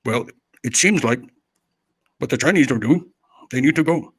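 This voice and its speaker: A man's voice: mid-range voice, normal speed, slightly rough, natural voice. A man putting on a stilted, badly dubbed kung fu movie voice for a male guru. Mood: pompous.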